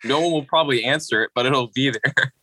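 A man co-hosts a casual podcast in an easygoing way, often laughing along with the others. His voice is bright and mid-pitched, and it sounds dry and close to the mic. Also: fast, husky, dry recording, poor audio. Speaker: podcast co-host.

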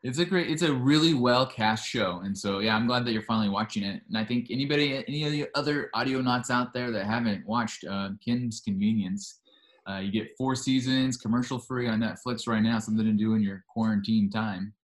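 A man's voice: on the low side, brisk. A man hosting a podcast, talking in a casual, chatty way and eagerly retelling scenes at length. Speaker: podcast host.

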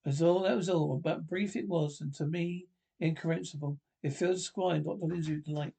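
A man reading a classic adventure novel aloud, in a halting way with restarts and slips. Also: fairly high pitch, fairly even intonation, gravelly, mellow, husky. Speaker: audiobook reader.

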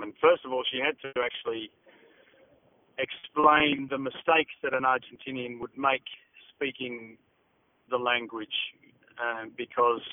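A man's voice: mid-range voice, no room sound. A middle-aged man from England with an Australian accent, recalling his acting work in a hesitant phone interview full of fillers. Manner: hesitant, many fillers and restarts. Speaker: interview guest, actor. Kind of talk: phone interview, casual recollection. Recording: tinny phone line.

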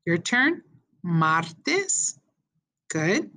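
Slow, clear-speaking woman teacher. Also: on the low side, very animated, sharp tone. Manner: slow, clear modeling with repeated prompts. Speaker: Spanish teacher. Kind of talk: call-and-response language lesson.

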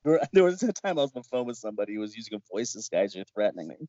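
A man's voice: lowish voice, big pitch swings, racing, warm tone, no echo, muffled recording. A man who makes horror films, telling stories in an interview with lots of laughter and acted-out voices. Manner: laughs often and acts out quoted voices. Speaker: horror filmmaker. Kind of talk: animated interview storytelling.

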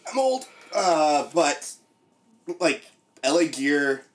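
A man's voice: fairly high pitch, sing-song, drawn-out words. A man in his thirties co-hosting a podcast, chatting casually and explaining film trivia, with the odd swear. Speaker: podcast co-host. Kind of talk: casual chat.

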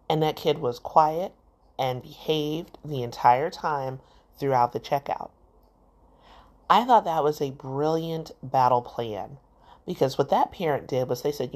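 A woman's voice: low voice, moderate pace, darkish tone. A middle-aged woman hosting a solo podcast, telling a parenting story and acting out the voices she quotes. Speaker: podcast host.

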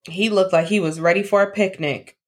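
A woman co-hosts a casual podcast chat. Her voice sits at a middling pitch, and she talks bluntly and teases, often repeating a line for effect. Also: fairly even intonation, brisk. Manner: blunt and joking, repeats her lines for emphasis. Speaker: podcast co-host.

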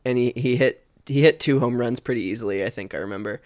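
A man's voice: mid-range voice, fast talker, dry recording, studio quality. A man co-hosting a casual chat, telling rambling stories full of fillers. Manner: rambling storyteller, many fillers. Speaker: podcast co-host.

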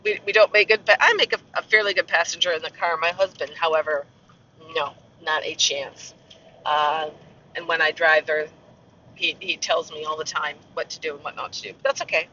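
Chatty man, bright high voice. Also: steady tone, moderate pace, a little hiss or hum. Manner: rambling, chatty, self-mocking asides. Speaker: castle tour guide. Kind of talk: casual vlog chat. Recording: muffled, slightly distant mic.

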